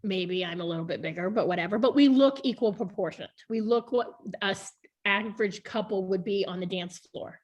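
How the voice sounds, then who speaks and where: A woman's voice: medium pitch, a little fast, darkish tone. A woman in her thirties chatting frankly about her past on a video call, laughing often. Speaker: board member being interviewed. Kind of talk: casual video call chat.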